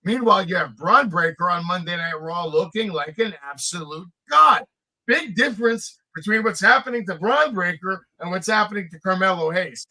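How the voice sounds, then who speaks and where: A man hosting a wrestling podcast, recapping results in an energetic, casual way. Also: sits high, normal speed, poor audio.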